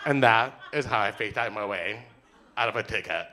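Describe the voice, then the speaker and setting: A young man performs a comic true story for a live audience, jumping into the voices of the people in it. His voice is very bright and forceful. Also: fairly low pitch, moderate pace. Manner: animated, comic, acts out dialogue.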